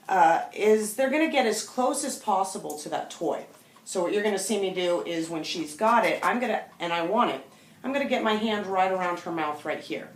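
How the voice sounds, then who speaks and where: A woman dog trainer calmly explaining a technique to viewers in a demonstration video. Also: lowish voice. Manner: calm, explanatory, talks directly to viewers. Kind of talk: instructional demonstration to camera. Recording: echoey room.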